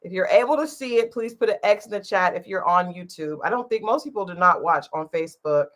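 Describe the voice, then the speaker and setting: A woman's voice: on the low side, expressive, brisk, fairly bright tone. A woman co-hosting a live-streamed chat show, talking casually, laughing often and trailing off mid-thought. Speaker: podcast co-host.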